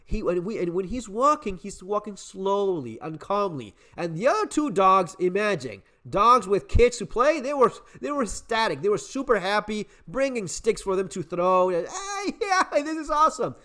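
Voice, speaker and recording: A middle-aged man telling a casual story on his channel in an animated way, swearing, repeating words and restarting his sentences. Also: high-pitched, normal speed, hardly any pauses. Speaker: survival channel host.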